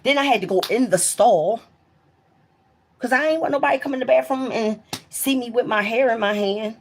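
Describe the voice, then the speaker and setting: A woman telling stories from her old jobs to her live viewers in a casual, profane way, often talking straight to them and getting loud and excited when the story peaks. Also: fairly high pitch, normal speed, slight background noise. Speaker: livestreamer.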